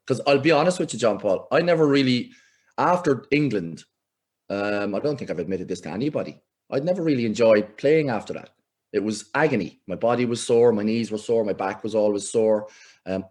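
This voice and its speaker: A middle-aged Irish man, a football coach, telling lively anecdotes in a casual interview and acting out the voices he quotes. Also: on the low side. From Ireland. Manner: animated anecdotes, acts out quoted voices, laughs often. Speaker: football coach, podcast guest.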